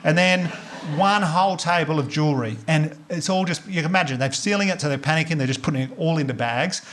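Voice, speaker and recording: An Australian man doing a stand-up comedy set on a club stage, telling stories quickly with acted dialogue and casual swearing. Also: on the high side, a bit bright, a little hiss or hum. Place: comedy club stage before a live audience.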